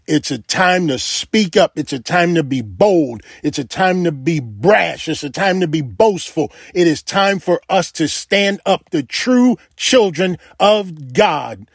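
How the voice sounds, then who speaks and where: Male preacher, somewhat high voice, dry close sound, emphatic repetitive sermon cadence. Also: animated, unhurried, gravelly, hardly any pauses, slightly rough, no room sound.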